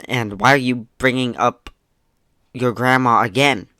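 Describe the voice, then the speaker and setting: A man's voice: medium pitch, fairly even intonation, measured pace, sharp tone, no room sound, clean studio sound. A man giving laid-back, sarcastic commentary as he reads out online messages, swearing casually and mocking what he reads. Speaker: YouTube commentator.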